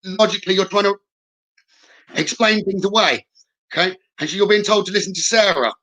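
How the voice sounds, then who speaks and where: Guy doing psychic readings, high bright voice, keeps saying okay. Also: fairly quick, poor audio. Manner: reassuring, keeps adding "okay?". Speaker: psychic medium. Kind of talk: live spirit-message reading.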